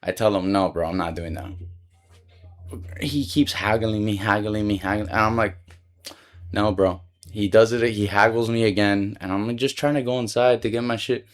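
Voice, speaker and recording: A man's voice: on the low side, fairly even intonation, brisk, hardly any pauses. A young man telling a personal story in a casual vlog, rambling and slangy, filling his talk with "like" and swearing freely.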